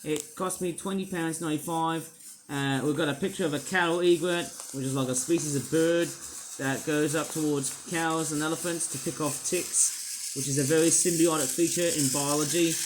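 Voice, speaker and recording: A man's voice: on the high side, steady tone, normal speed, slight background noise, low-quality recording. A man reviewing toy figures and rambling with puns and fillers as he unboxes them. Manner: rambling, punning, full of fillers. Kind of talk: unboxing commentary.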